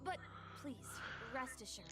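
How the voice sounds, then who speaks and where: A woman's voice: high-pitched, measured pace. A woman voicing a polite, eager young guide in a video game. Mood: helpful. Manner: friendly, helpful, lively.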